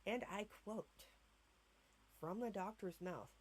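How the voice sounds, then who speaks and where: A woman's voice: on the low side, lively intonation, normal speed, vocal fry, fairly bright tone. A woman in her thirties telling a rambling, self-mocking story in a casual vlog, swearing freely and drifting off topic. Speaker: vlogger. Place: at home, in bed.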